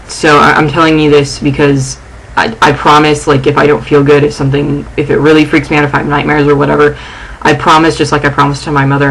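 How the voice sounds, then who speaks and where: A young woman vlogging from her dorm room. She is shaken and angry, and her speech is halting and full of restarts. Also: sits low, a little hiss or hum, low-quality recording. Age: young adult. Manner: agitated, halting, restarting sentences. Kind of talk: casual vlog.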